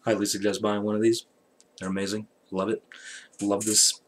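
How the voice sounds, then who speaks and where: A man's voice: on the low side, little pitch movement, normal speed, slight background noise. Male channel host, loose and profane, drifts off topic in a late-night casual update. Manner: rambling, profane, joking.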